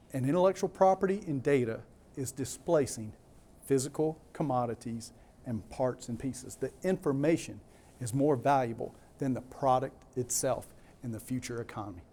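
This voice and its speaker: A man's voice: mid-range voice, a little mellow. A man with a Southern US accent giving a keynote talk to a live audience, emphatic, repeating key words and putting questions to the crowd. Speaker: conference speaker.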